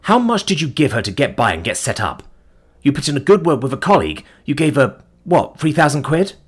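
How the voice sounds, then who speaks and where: A man's voice: fairly high pitch, sing-song, a little fast, breathy edge, soft background music, pitched above the performer's own voice. A man voicing an angry, bitter young man who swears and sneers sarcastically. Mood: accusing.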